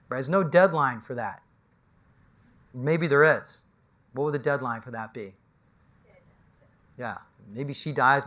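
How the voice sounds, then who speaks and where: A middle-aged man, an executive coach giving an animated motivational talk on stage, swinging from loud to hushed as he tells stories. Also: mid-range voice.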